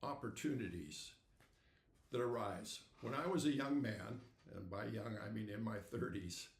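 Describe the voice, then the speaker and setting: A man in his eighties hosting a podcast, telling stories in a folksy, unhurried way and acting out the dialogue. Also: fairly low pitch, echoey room. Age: 80s. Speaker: podcast host. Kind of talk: storytelling monologue.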